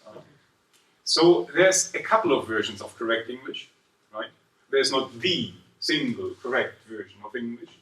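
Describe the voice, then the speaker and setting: A man's voice: medium pitch, normal speed. A man teaches a seminar class, peppering his points with questions to the room. He sounds a few steps back from the microphone, and his voice rings around the hall. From southern Germany. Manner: lively, quizzes the class, tags 'right?' after points. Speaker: university lecturer. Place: lecture room. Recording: echoey room, voice far from mic.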